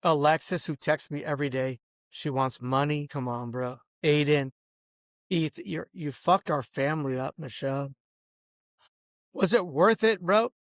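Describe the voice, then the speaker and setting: A man's voice: fairly high pitch, a little slow, no echo. Profane man ranting, dry close sound. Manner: profane, confrontational, peppered with "bro" and "dog". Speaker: host. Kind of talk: angry ranting monologue.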